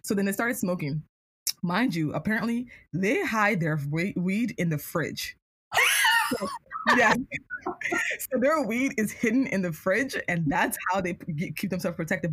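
A young woman co-hosting a casual chat, expressive, laughing often and acting out quotes. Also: medium pitch, moderate pace, husky, dry recording. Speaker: podcast co-host.

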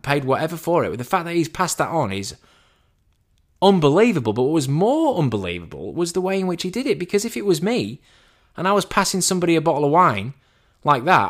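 Chatty man telling an animated story. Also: fairly high pitch. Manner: animated, acts out quoted dialogue in a raised voice; chatty, self-deprecating, many restarts. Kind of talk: casual storytelling monologue.

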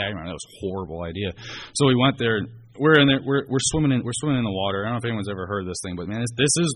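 A man giving a heartfelt personal testimony at a recovery meeting, earnest and halting with many restarts. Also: sits low, a bit bright, a little hiss or hum.

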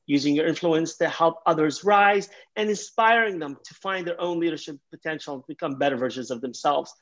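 A man's voice: fairly high pitch, dull audio. A man hosting a podcast interview, chatty and enthusiastic. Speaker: podcast host. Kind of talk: podcast interview, scripted intro.

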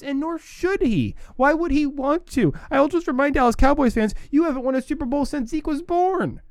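A man's voice: very high voice, darkish tone, no echo, studio quality. A man hosting a sports talk show, giving opinionated commentary and repeating his points for emphasis.

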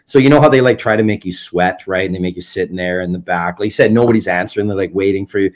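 A man's voice: sits low, steady tone. A man from Canada, a documentary filmmaker, telling stories in casual chat and acting out both sides. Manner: quick storytelling, acts out both sides of exchanges.

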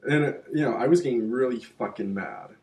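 Animated swearing man in an echoey room. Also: mid-range voice, fairly quick. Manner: animated, swearing, heated storyteller. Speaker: podcast co-host. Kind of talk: casual chat, storytelling.

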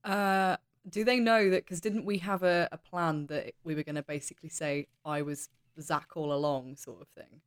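A man chatting casually as a tabletop game player, giggly and animated. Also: sits high, moderate pace, smooth. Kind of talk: casual chat.

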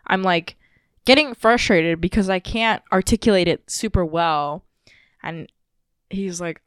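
A woman's voice: on the low side, measured pace, smooth, dry recording, studio quality. A woman podcast co-host telling a personal story in a casual, emotional, rambling way with lots of fillers.

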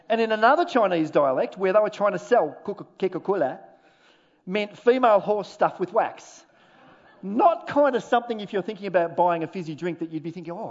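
A man preaching a sermon as pastor, animated and humorous with dramatic pauses. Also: high voice, highs cut off. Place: church auditorium.

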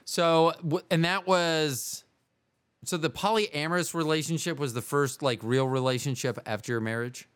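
A man's voice: fairly high pitch, steady tone, normal speed, a bit bright, smooth, no room sound. Rambling man hosting a podcast. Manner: rambling, self-correcting questions with goofy jokes. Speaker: podcast host. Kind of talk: casual interview.

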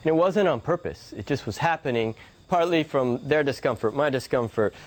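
A man's voice: medium pitch, fairly quick. A man who is a guest, telling reflective stories in conversation and laughing often. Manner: animated, laughing storyteller.

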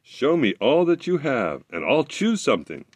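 A clever wandering fiddler who speaks calmly and reasons his way through, voiced by a man reading aloud. The voice sits a little above the reader's low tone, with lively movement, close and dry. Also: normal speed, slightly rough, dry recording. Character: wise, patient young male fiddler. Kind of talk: storybook read-aloud.

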